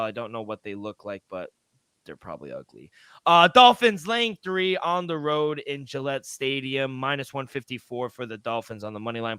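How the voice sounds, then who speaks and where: A man's voice: medium pitch, sharp tone, clear, resonant tone, no echo, clean studio sound. A man co-hosting a sports betting podcast, reading out lines and odds and chiming in to agree with his partner. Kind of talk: casual sports betting chat.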